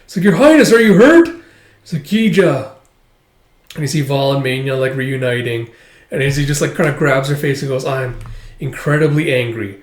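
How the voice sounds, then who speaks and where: A man's voice: medium pitch, moderate pace, roomy sound. A man recapping a manga volume in a rambling, casual way, full of fillers. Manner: rambling, filler-heavy retelling. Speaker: manga reviewer.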